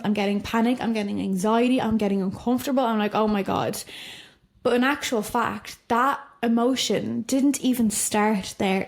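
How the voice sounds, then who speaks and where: Reflective woman hosting a podcast. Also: mid-range voice. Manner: reflective, conversational, gentle self-disclosure. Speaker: podcast host. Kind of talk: solo podcast monologue.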